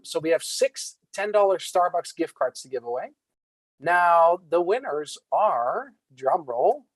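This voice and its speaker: A man's voice: a little high, no room sound, rough recording. A man hosting a virtual award night, speaking casually and upbeat with frequent fillers. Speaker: event host.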